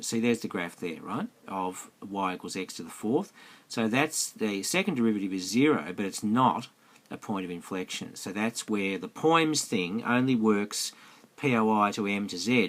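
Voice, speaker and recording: A man's voice: sits low, a bit bright. A man teaching maths in a screencast lesson, chatty and repetitive, often checking that students follow. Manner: chatty, repeats himself, asks students questions. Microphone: close mic over a tablet screencast.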